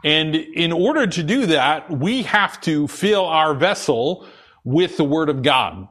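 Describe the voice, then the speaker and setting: A man's voice: on the high side, fairly bright tone. A middle-aged man giving a conversational sermon and personal testimony, earnest and hesitant, with many fillers and restarts. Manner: earnest, confessional. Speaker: lay preacher.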